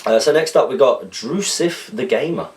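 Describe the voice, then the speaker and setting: A man's voice: medium pitch, animated, moderate pace, a little mellow, recorded from a distance, low-quality recording. A man hosting a podcast alone, reading out viewer questions in a loose, rambling chat and correcting himself as he goes.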